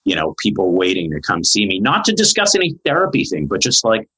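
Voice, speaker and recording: Deep husky guy in his 40s, psychologist telling a story on a podcast, forceful bright tone, says "like" a lot. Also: fast talker, low-quality recording. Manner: animated storyteller, many "like" fillers. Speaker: psychologist guest.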